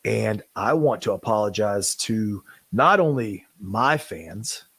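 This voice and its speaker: A man speaking as a podcast host, emotional, halting and apologetic in candid talk. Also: on the low side, lively intonation, creaky, a bit bright, husky, no room sound.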